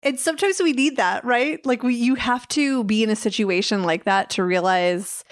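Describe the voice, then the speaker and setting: A woman's voice: medium pitch, dry recording, studio quality. Chatty woman podcast host. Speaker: podcast host, former chief of staff. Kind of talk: casual podcast interview.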